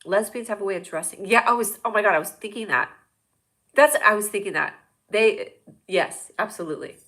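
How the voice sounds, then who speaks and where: A woman's voice: medium pitch, expressive, brisk, bright, forceful tone. A woman hosting a livestream show, chatting in a rambling, jokey way straight to her viewers. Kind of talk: casual livestream chat.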